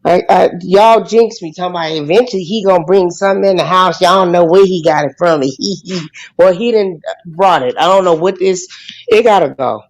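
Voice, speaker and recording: A woman's voice: fairly low pitch, brisk, rough recording. A woman hosting a casual live chat, exclaiming and calling out to her dog. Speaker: host.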